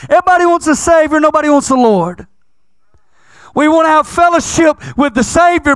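A man preaching a sermon to his church, emphatic and repetitive, swinging between loud declarations and hushed phrases. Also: very high voice, no room sound.

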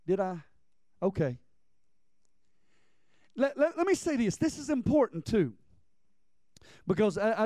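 A man preaching a sermon in a high, smooth, resonant voice. He speaks with passion, doubling back on words and drawing out key phrases. The sound is dry and close. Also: darkish tone, no echo. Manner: impassioned, repeats words and phrases.

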